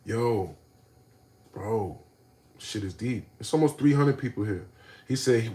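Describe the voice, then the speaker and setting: A man ranting on a livestream, animated and profane, swinging between low mutters and shouting. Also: slow, long pauses. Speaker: streamer. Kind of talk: livestream rant.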